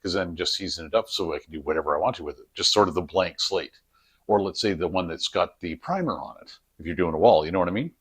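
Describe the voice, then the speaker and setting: A man's voice: sits low, lively intonation, fast, husky. A man hosting a home cooking vlog, chatting in a rambling, jokey way while he works in his kitchen. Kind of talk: casual cooking vlog chat. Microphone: camera on a tripod.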